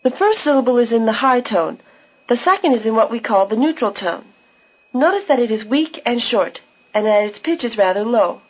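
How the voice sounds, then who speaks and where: A woman's voice: a little high, animated, moderate pace, low-quality recording. Patient woman narrating a language lesson. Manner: patient, clear, explains pronunciation step by step. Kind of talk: scripted instructional narration.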